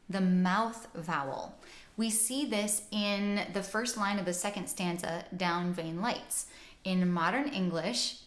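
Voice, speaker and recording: A woman teaching pronunciation, talking through lessons and modelling sounds with clear, exaggerated vowels. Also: medium pitch, a bit bright. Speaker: singing teacher and host. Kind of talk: instructional lesson with spoken demonstrations. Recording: roomy echo.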